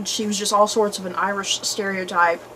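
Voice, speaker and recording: A woman hosting a casual movie review chat, animated and chatty, often laughing. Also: medium pitch, a little fast, a little hiss or hum, poor audio. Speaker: host.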